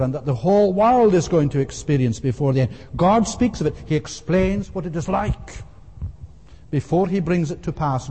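A man preaching with a mellow, warm voice pitched a little high. He speaks earnestly and with emphasis, stopping now and then on an "uh" as he works through his point. His voice rings with a long reverb, as in a large hall. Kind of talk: sermon.

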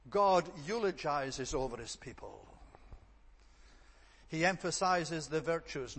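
A man with a fairly high voice preaches a sermon in earnest, emphatic tones, stacking repeated phrases to drive his points home. His voice rings out with a long reverb from the hall around him. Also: expressive, unhurried, a bit bright, husky.

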